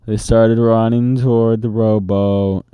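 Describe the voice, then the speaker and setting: A man reading a children's book aloud in a steady, expressive storytelling manner, close to the mic. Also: on the low side, slow pace, clear, resonant tone, dry recording. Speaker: storybook reader.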